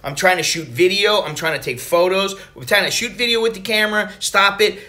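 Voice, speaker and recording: Bright-voiced American man rambling. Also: high-pitched, a little fast. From United States. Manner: rambling, profane, animated storytelling. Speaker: travel vlogger. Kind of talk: casual travel vlog.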